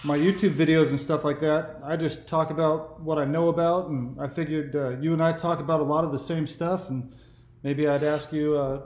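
A man's voice: fairly high pitch, little pitch movement, normal speed, a little mellow, roomy sound. A man in his forties from California, hosting a casual phone conversation for his channel in an easygoing, meandering way. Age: 40s. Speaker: YouTube host.

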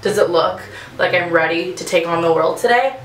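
A woman's voice: fairly low pitch, a little fast, reverberant, soft background music, rough recording. A young woman doing a casual makeup tutorial at home, chatting nervously and giggling, poking fun at herself. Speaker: beauty vlogger.

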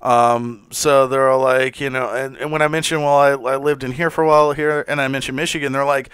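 A man with an American accent blending northern and Southern, chatting on a podcast at middling pitch. His voice is smooth and resonant, and he rambles, swears and laughs easily. The sound is dry and close. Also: little pitch movement, a little fast, fairly bright tone, dry recording. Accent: American, mix of northern and Southern. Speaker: podcast co-host. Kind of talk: casual chat.

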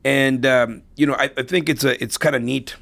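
Here a middle-aged man chats on a podcast, illustrating his ideas with anecdotes and often restarting or repeating words. He speaks at normal speed with medium pitch, fairly even intonation, vocal fry, and a fairly bright tone.

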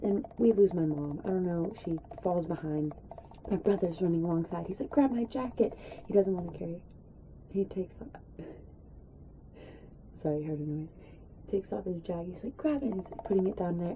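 Young woman rambling through a storytime vlog, super mellow low-ish voice. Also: a little hiss or hum, low-quality recording. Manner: chatty, rambling, acts out quotes in a high voice. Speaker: vlogger.

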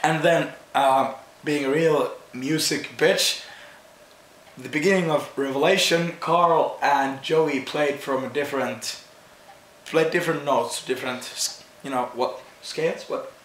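Hoarse fan fumbling for words. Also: male voice, fairly high pitch, fairly even intonation, unhurried. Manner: hesitant, gropes for words. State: hoarse after the concert. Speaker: concert-goer being interviewed. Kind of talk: casual post-concert interview. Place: outdoors at a festival at night. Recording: echoey with loud background noise.

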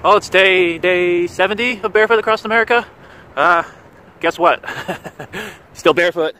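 A man's voice: sits high, normal speed, bright, forceful tone. A man vlogging as he walks along a road outdoors, talking in a playful, rambling way full of jokey asides into a handheld camera. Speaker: vlogger walking across the country. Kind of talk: goofy walking vlog. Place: roadside outdoors.

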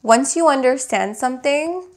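A woman giving a spiritual tarot reading, speaking in slow, emphatic affirmations and at times searching for words. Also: high voice, animated. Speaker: tarot reader.

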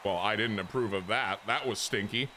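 A young man streaming a baseball video game, giving crude, excitable commentary that jumps into high squeals. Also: normal speed, background noise. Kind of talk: casual gameplay commentary.

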